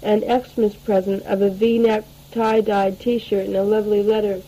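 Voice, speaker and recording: Woman, late teens, chatty and rambling, lots of ums, dark soft tone. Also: mid-range voice, flat delivery, a little slow, poor audio. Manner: rambling and chatty, with many fillers and restarts. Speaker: letter writer. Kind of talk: spoken audio letter to family.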